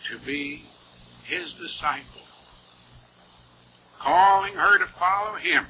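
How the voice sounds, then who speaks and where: A man preaching a sermon and reading scripture aloud, with slow, emphatic delivery and wide swings in pitch and loudness. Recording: dull lo-fi recording with faint hiss.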